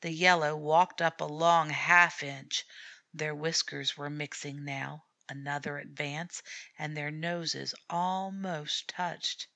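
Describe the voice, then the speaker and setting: A woman narrating a storybook in a measured, expressive reading voice. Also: low voice, creaky, no room sound. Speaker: audiobook narrator.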